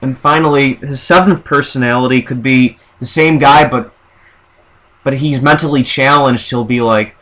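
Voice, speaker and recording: A man's voice: mid-range voice, normal speed, a bit bright, low-quality recording. A man vlogging, rambling through a list of show ideas in a casual monologue. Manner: rambling, with fillers and restarts.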